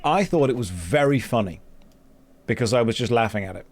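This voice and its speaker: Brisk and lively in intonation, a medium-pitched British man hosts a gaming stream. He chats casually during play, spinning rambling stories with dry, wry humour in a British English accent.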